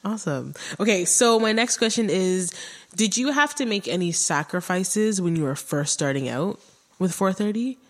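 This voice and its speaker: A podcast host with a mid-range pitch chats casually with a guest, asking questions and affirming each point. The host responds often with "yeah" and "mm-hmm" and keeps the tone easy and conversational. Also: expressive, moderate pace.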